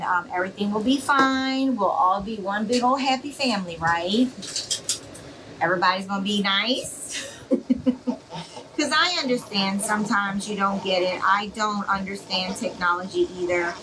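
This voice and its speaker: A woman's voice: medium pitch, recorded from a distance, noisy background. A woman hosting a casual craft live stream, chatty and reassuring, rambling with plenty of fillers as she talks to viewers.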